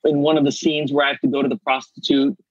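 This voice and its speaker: A middle-aged man, an actor guest, telling animated stories in casual chat and acting out the voices of people he quotes. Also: medium pitch, quick pace, no room sound, lo-fi sound. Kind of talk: casual storytelling.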